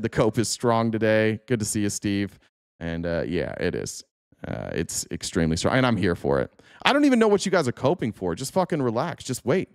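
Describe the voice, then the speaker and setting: A man's voice: lowish voice, clean tone, dry recording, studio quality. A man hosting a livestream, reacting to political clips with sarcastic, profane casual commentary.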